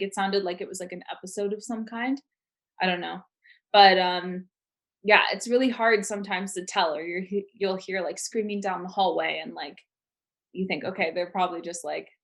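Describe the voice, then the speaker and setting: A young woman co-hosting a podcast, telling stories in a rambling, animated way with many "like"s. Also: fairly low pitch. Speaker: podcast co-host. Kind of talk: casual storytelling chat.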